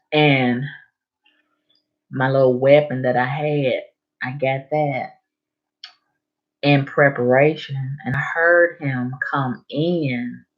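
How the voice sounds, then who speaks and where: A woman speaks slowly and deliberately, leaning hard on her words and swearing freely as she tells a story. Her voice sits at a middle pitch. The recording is dull and lo-fi. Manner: slow, emphatic and profane. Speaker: vlogger. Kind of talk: casual storytelling vlog. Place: bedroom at home. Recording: dull lo-fi sound.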